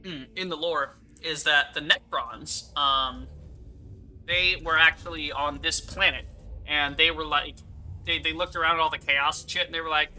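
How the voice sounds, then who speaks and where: Gaming streamer, man, fairly high, very bright tone, rambling and giggly. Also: steady tone, moderate pace. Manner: rambling, giggly, swears freely. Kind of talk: casual gameplay commentary.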